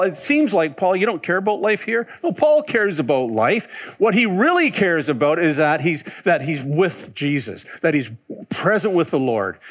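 A pastor with a fairly high-pitched voice preaches a sermon animatedly, posing questions and answering them himself. He swings between loud exclamations and quiet musing.

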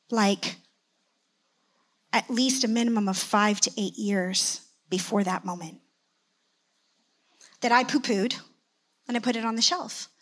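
Animated middle-aged woman giving testimony. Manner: animated storytelling, acting out dialogue with sudden pitch jumps. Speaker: church elder and speaker. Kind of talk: personal testimony sermon.

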